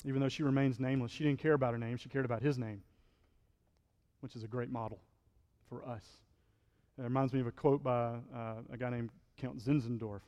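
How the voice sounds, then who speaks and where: A man's voice: mid-range voice, steady tone, moderate pace, long pauses, a little mellow, in a large hall. A male pastor preaching a sermon in a conversational style, acting out quotes and building to fervent peaks.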